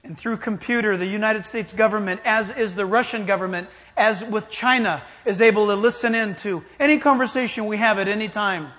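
A man's voice: sits high, a little fast, few pauses, fairly bright tone. A man preaching a sermon in an emphatic style, challenging his listeners directly. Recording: long hall reverb.

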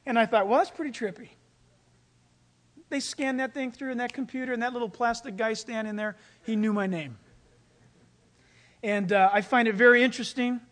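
A man preaching a sermon, telling personal stories in an animated, storytelling way and chuckling mid-sentence. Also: very high voice, moderate pace, long pauses. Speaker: pastor.

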